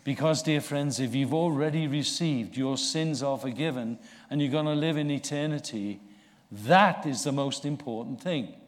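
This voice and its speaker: A man preaching a sermon, slow and earnest, rising in force for emphasis. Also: mid-range voice. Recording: long reverb of a large hall.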